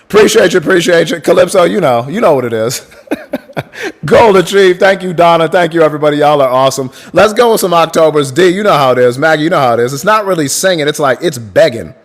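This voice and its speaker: A man's voice: fairly high pitch, lively intonation, quick pace, few pauses, faint music behind. A man hosting a livestream in casual chat, swearing freely and hyping up viewers as he thanks them by name. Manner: breaks into crooning song lines. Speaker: livestream host.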